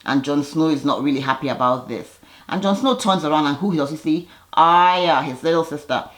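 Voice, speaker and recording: A woman recaps a TV episode in a relaxed, conversational way. She is animated and chatty, with restarts and fillers. Now and then she briefly mimics the characters' lines. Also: sits low. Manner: animated, slips into quick impressions of characters. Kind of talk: casual retelling of a TV episode.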